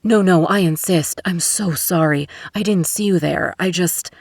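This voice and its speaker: A flustered, apologetic man, as voiced by a woman narrator who trips over his words. He stays low and near the storyteller's own dark voice. Dry, close recording. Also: unhurried, dry recording.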